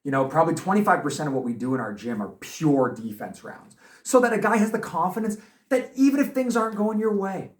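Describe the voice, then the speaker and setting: A man in his thirties, a boxing coach guesting on a podcast, telling stories in a lively, chatty way full of fillers. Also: high voice, fairly quick, distant mic. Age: 30s. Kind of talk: casual podcast conversation. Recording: echoey room, voice off-mic.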